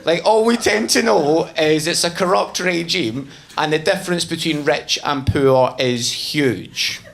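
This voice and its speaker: A man's voice: fairly high pitch, measured pace, creaky, fairly bright tone. A man telling a story in a stand-up set on a comedy stage, self-mocking and sweary. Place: comedy stage before an audience.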